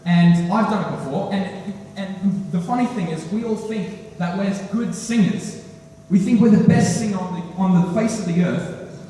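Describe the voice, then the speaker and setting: Teenage boy, high-voiced stand-up comic, animated delivery; far-off recording in a reverberant hall. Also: slight background noise. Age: teens. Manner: animated, acts out characters with voice changes. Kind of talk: stand-up comedy routine. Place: school hall at a talent show.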